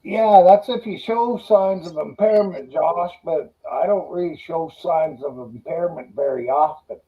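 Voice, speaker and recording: A man's voice: a little high, unhurried. A man telling rambling anecdotes in a casual livestream chat. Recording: dull lo-fi audio.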